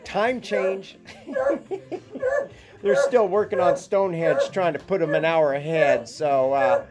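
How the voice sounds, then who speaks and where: A man's voice: a little high, unhurried, over a noisy crowd. A man casually chatting through a morning at an animal sanctuary, rambling and folksy with chuckling asides. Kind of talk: casual morning vlog chat.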